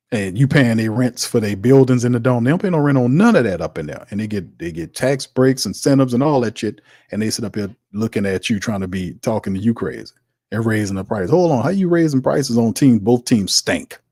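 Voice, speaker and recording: A man hosts a sports talk livestream in an exasperated, heated rant. He keeps saying "man" and "fam" and often laughs as he talks back to his chat. His voice sits at a middle pitch, recorded dry with no room sound. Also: darkish tone, no echo. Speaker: sports talk show host.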